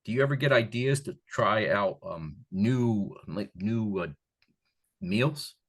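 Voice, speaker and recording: An older man from the Catskills talking as an author guest in a casual interview, rambling and animated, with many restarts. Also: on the low side, takes it slowly. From Catskills, New York.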